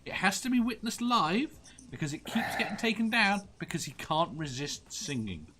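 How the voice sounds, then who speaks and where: Bright, teasing voice reading chat. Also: mid-range voice, sing-song, moderate pace. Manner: teasing, bossy banter. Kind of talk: casual chat.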